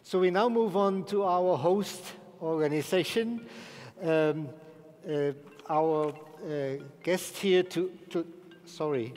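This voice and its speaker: Male moderator, slow and easygoing, slightly high voice, echoey hall. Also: a little mellow. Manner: slow, easygoing, light self-deprecation. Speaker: panel moderator. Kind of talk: introducing speakers. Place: large conference hall.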